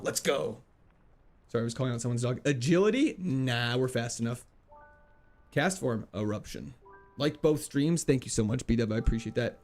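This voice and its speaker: Animated, chatty male game streamer. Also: mid-range voice. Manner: chatty and playful, laughing often. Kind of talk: casual live gameplay commentary, reading chat.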